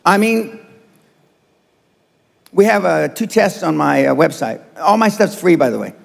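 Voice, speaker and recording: A high-pitched, gravelly older man lectures a seminar crowd, blunt and profane, jabbing at the audience. His voice rings out in a reverberant live hall. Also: sing-song, a little slow. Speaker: seminar speaker. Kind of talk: motivational seminar talk.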